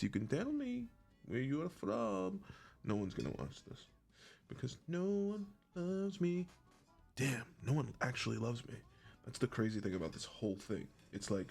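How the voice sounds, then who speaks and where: Gravelly rambling man, goofy vlog. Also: medium pitch. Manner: rambling, silly, self-mocking. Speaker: vlogger. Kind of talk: goofy comedic monologue.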